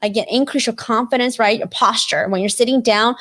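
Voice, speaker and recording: A woman's voice: on the high side, fairly even intonation, fairly quick, a bit bright. Chatty woman coaching over a video call. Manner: chatty, many fillers like "like" and "you know", frequent "right?" tag questions. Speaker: career coach hosting a live webinar. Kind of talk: casual instructive webinar talk.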